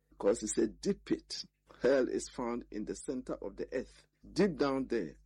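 Husky guy reading scripture then preaching, earnest, goes verse by verse. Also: mid-range voice, darkish tone, low-quality recording.

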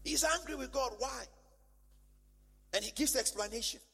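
A man preaching a sermon as pastor, animated and conversational, with rhetorical questions, in a church. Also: very high voice, normal speed, vocal fry, slightly rough. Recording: long church-hall reverb.

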